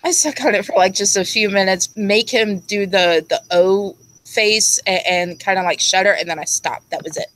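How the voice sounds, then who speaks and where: A woman's voice: mid-range voice, normal speed, fairly bright tone, a little hiss or hum, low-quality recording. A woman telling a crude personal story in casual chat, blunt and laughing as she acts out what others said. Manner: blunt, crude and laughing, acting out quoted speech. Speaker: storyteller guest.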